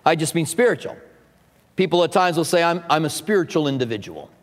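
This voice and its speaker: A man's voice: fairly high pitch, animated, brisk. Man preaching in a reverberant hall. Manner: conversational teaching with asides and humor. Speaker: pastor. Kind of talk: sermon. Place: church sanctuary.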